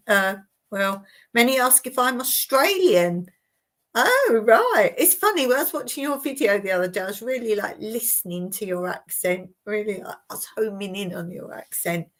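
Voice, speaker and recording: A woman from Surrey with a southern English accent, chatting casually to viewers as host of a live stream, often repeating words and laughing. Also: mid-range voice. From Surrey, England. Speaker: livestream host.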